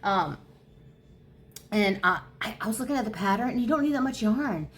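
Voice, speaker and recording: A woman in her fifties chatting casually at home for her crochet vlog, rambling and easily excited. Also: on the high side, normal speed, a little hiss or hum. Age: 50s. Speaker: crochet vlogger. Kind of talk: casual chat.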